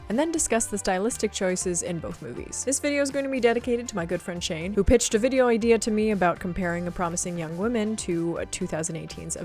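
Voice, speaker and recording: A woman hosting her own channel, reading a scripted video essay in a wry, opinionated way. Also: mid-range voice. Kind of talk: scripted narration.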